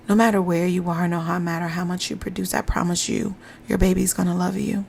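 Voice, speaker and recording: Woman, gravelly voice, motivational podcast host, encouraging repeated affirmations, faint hiss. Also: on the low side, level tone, a little fast, darkish tone. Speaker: podcast host and pumping coach. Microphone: podcast microphone.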